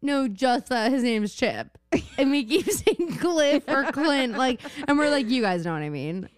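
A young woman co-hosting a podcast in casual chat, playful and quick to riff on jokes and mock voices. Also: sits high, very animated, no echo, clean studio sound. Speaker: podcast co-host.

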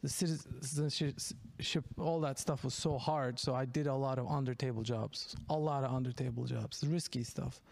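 A man's voice: medium pitch, fairly even intonation, moderate pace, vocal fry, hardly any pauses, darkish tone, no room sound. A man from Turkey with a Turkish accent, a stand-up comedian telling stories in a casual interview, rambling, laughing often and restarting his sentences.

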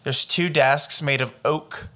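A man's voice: medium pitch, steady tone, takes it slowly, sharp tone. A man co-hosting a podcast, reading out a true-crime case in casual chat with profane, joking asides. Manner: profane and joking, wanders off into riffs. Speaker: podcast co-host.

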